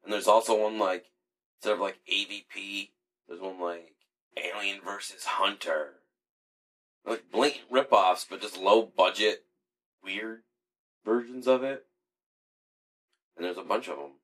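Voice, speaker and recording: A man joking around in a casual chat, animated and swearing freely. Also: fairly low pitch, unhurried, pauses often.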